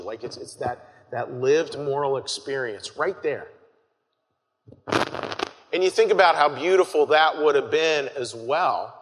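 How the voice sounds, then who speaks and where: A pastor with a fairly high voice preaches a conversational sermon at a measured pace, taking long pauses. He's earnest, restarts often, and addresses his listeners as folks, all under a long hall reverb.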